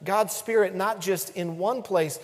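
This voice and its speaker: High-voiced man preaching a sermon. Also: measured pace, big-room sound. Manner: preaching with dramatic swings between hushed and loud. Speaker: pastor.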